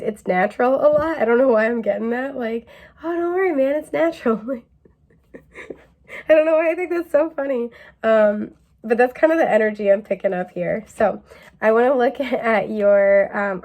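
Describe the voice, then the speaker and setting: Chatty and relaxed, a woman talks her way through a pick-a-card tarot reading, filling it with fillers and laughing often. She speaks at a medium pitch with vocal fry, occasionally dropping into a mellow drawl when quoting someone.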